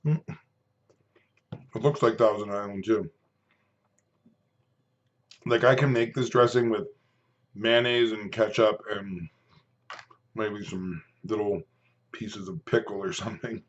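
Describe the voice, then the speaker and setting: A man's voice: on the low side, fairly even intonation, measured pace, pauses often, dull audio. A man in his fifties talking casually to camera while eating, chatty and rambling, stopping now and then to chew. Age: 50s. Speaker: food and fitness vlogger.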